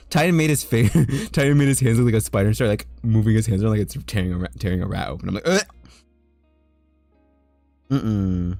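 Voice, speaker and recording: A man streaming as an artist, chatting casually as he works and breaking into high squeals of disgust and laughter. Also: expressive, fairly quick, gravelly, darkish tone, no echo, soft background music. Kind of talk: casual live-stream chat while drawing.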